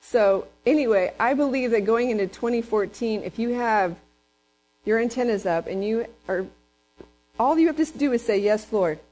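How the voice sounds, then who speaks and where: A woman preaching a sermon in a slightly high voice. She tells stories with energy, acts out what people said and puts questions to the congregation. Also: normal speed, poor audio. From Texas. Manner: lively storyteller who acts out quotes and asks the congregation questions. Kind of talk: storytelling sermon.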